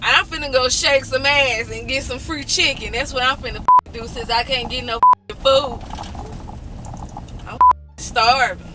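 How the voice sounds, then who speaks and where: A woman's voice: high-pitched, normal speed. Young woman, brash and profane, demanding prank persona; heavy car noise behind her. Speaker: vlog host, fiancée. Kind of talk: prank persona in a couple vlog. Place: inside a car. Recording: loud road noise inside a car.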